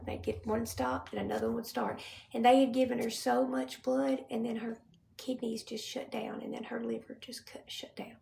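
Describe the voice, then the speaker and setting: A woman's voice: on the high side, gravelly, darkish tone, reverberant, far from the mic, a little hiss or hum. A grieving woman, talking on a livestream, often dropping to a whisper. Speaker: livestream host. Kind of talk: casual livestream talk.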